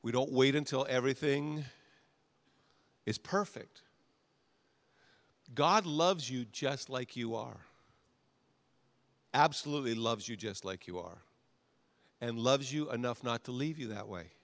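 A middle-aged male pastor preaching a sermon, repeating short phrases and swinging from quiet to loud. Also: mid-range voice, measured pace, long pauses.

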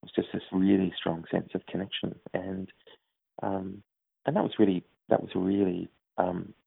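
Husky gravelly guy, low voice, pausing a lot while he thinks, thin phone-line sound. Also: little pitch movement, no room sound. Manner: thoughtful, hesitant with many fillers. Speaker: grief organization head, interview guest. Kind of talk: reflective interview answers. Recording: tinny phone-like line, dry.

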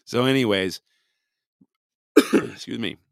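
A hoarse, raspy man hosting a podcast, praying fervently and chatting in a folksy way with frequent laughs. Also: mid-range voice, slow, dry recording, clean studio sound. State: hoarse from illness. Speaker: podcast host. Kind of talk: casual podcast talk with prayer. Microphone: headphones and studio mic.

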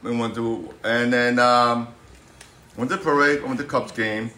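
A man's voice: mid-range voice, fairly even intonation, normal speed, pushed and bright. A man playing along in a trivia game, hesitant and full of jokes. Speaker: game contestant. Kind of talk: playful trivia game chat. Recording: echoey room.

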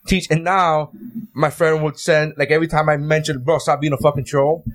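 A man's voice: fairly high pitch, little pitch movement, normal speed. A man chatting loosely on a podcast, rambling and restarting his sentences, swearing casually and laughing often.

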